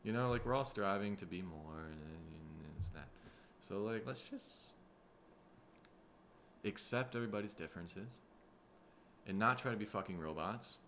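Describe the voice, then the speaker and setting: Tired, rough-throated Midwestern man rambling. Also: lowish voice, moderate pace, a bit bright, slight background noise. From Minnesota, USA. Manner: rambling, profane, laid-back. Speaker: podcast host. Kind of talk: casual solo podcast monologue.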